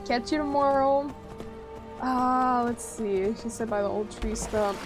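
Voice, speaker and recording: A woman livestreams a game, chatting casually and playfully teasing and bantering with her viewers. Her voice is fairly high and a little slow, with game music playing beneath it.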